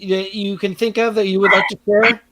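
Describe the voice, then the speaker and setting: A young man who is a podcast co-host, telling a story in relaxed banter and often laughing as he talks. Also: high voice, brisk. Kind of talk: casual storytelling chat.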